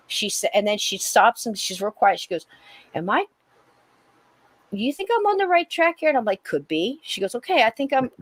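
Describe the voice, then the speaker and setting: A woman hosting a podcast, telling a personal story in a lively way and acting out the dialogue. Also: on the high side, dry recording. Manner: animated, acts out dialogue with laughs. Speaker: podcast host. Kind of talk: casual storytelling chat.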